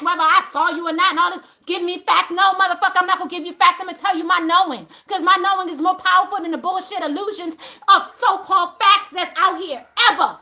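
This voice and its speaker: A spiritual channel host with a very high, sharp voice talks to viewers on a livestream. She preaches emphatically and profanely, laughing often.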